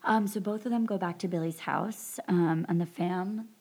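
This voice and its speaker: A woman's voice: lowish voice, normal speed, dark tone. A woman podcast host casually retelling a movie plot, rambling with lots of fillers. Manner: rambling recap full of fillers and "like". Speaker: podcast host recapping a film. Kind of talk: casual chat.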